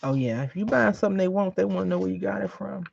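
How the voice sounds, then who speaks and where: A woman's voice: medium pitch, quick pace, gravelly, a little mellow, husky. A woman with a chatty, rambling way of talking, telling anecdotes while she works on a craft project in a casual vlog. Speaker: crafting vlogger. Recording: dull lo-fi recording.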